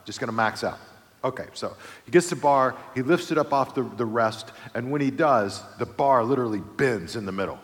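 A male pastor delivers a sermon, spinning a humorous personal anecdote with energetic, comic build-ups and gentle, softer turns. His voice sits in an ordinary middle range. The sound carries the long reverb of a large hall. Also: mid-range voice, fairly quick. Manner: lively storyteller, builds to excited comic peaks then softens.

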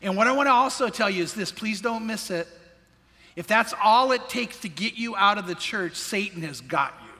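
Bright high-voiced male pastor preaching. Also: animated, normal speed, long reverb tail. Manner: earnest preaching with questions to the congregation. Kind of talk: sermon. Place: church sanctuary.

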